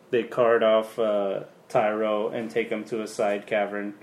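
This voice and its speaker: A man running a tabletop game as game master, narrating slowly with many fillers and restarts. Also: lowish voice, level tone, reverberant. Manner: slow, halting, many fillers.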